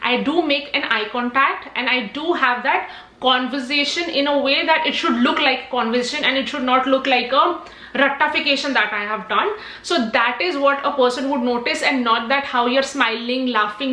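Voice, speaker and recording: A woman's voice: sits high, moderate pace, bright, forceful tone, reverberant. A young woman, giving chatty, emphatic exam tips to camera. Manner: chatty, emphatic, lots of "like" and "trust me". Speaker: IELTS tips vlogger. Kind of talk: casual talking-to-camera advice.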